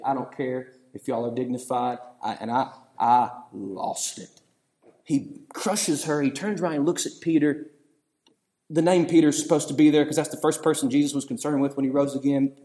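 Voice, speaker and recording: A man, preaching a storytelling sermon that swings between hushed passages and shouting. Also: medium pitch.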